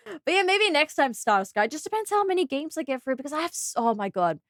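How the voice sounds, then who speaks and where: A young Australian woman chatting while streaming a game, bubbly and excitable, gasping and squealing as she greets viewers. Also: high-pitched, a little fast, dry recording, studio quality. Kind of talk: live gaming stream chat.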